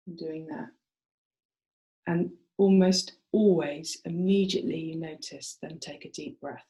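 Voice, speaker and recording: A woman's voice: on the low side, vocal fry, a little mellow. A woman therapist explains treatment techniques to fellow practitioners in an informal teaching talk. She talks it through conversationally, building her points as she goes.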